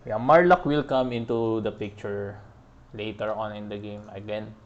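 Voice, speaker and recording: A man giving relaxed, chatty commentary as he plays through a video game, often laughing. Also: on the low side, moderate pace, highs cut off. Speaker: gaming podcast host.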